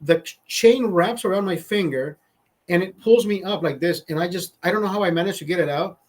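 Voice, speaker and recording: Man, slightly high voice, live stream host, casual chat, heavy cursing, rambling restarts. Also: a little fast. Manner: profane, rambling, self-interrupting. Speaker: livestream host.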